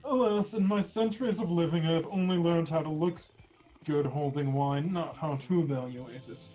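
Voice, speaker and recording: A man's voice: fairly high pitch, normal speed, mellow, faint music behind, lightly acted, low-quality recording. A man voicing a snobby, centuries-old male vampire in an affected fancy voice while playing a video game. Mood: pompous. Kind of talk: video game voice-over reading.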